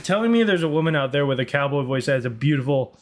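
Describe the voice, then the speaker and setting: Lively, joking guy streaming. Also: medium pitch, rapid-fire. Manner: jokey, laughing, slips into silly voices. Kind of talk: casual livestream reaction.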